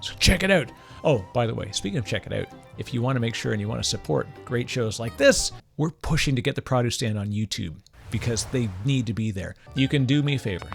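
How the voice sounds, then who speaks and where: A man's voice: medium pitch, gravelly. A Canadian man hosting a podcast, chatting enthusiastically and casually, poking fun at himself. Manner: enthusiastic, chatty, self-deprecating. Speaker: podcast host. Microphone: podcast microphone.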